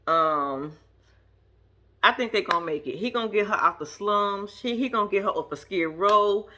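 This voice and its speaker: A woman's voice: mid-range voice, lively intonation, normal speed, noisy background. A woman casually recapping a reality show, chatty, blunt and profane, laughing often.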